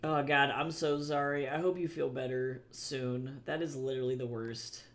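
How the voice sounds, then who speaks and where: A man's voice: medium pitch, fairly even intonation, normal speed, fairly bright tone. A young man who draws comics on a livestream, chatting casually, thinking aloud as he works and answering his chat. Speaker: comic artist streamer.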